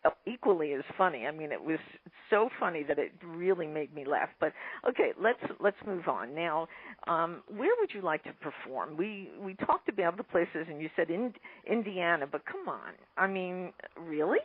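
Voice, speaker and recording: A woman hosting a radio interview who asks measured, prompting questions, heard over a tinny phone-line call. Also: fairly low pitch, animated, breathy edge, no echo.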